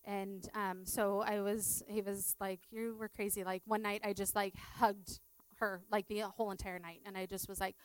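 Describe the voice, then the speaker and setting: A woman's voice: mid-range voice, little pitch movement, moderate pace, clear, resonant tone, no room sound, poor audio. A middle-aged woman, a teacher, sharing a personal testimony in a chatty way full of fillers. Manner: chatty, filler-heavy storytelling.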